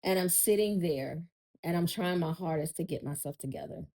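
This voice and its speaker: Lady chatting on a podcast, kinda low voice, tells it like a story. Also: normal speed, mellow, poor audio. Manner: storytelling, addresses listeners as y'all. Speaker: podcast guest. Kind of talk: casual chat.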